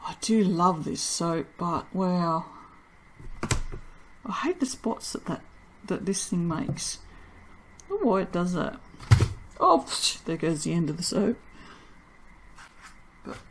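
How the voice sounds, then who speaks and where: A woman's voice: fairly low pitch, measured pace, gravelly, pauses often, slightly rough. A woman chatting casually while making and cutting soap, tired and self-mocking, laughing often. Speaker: soap maker. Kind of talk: casual vlog chat while working.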